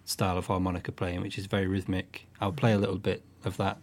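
A man, a folk musician, giving thoughtful, halting explanations in an interview. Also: sits low, little pitch movement. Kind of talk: interview conversation.

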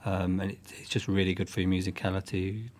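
A man, a folk musician, giving thoughtful, halting explanations in an interview. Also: sits low, little pitch movement, a little mellow. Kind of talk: interview conversation.

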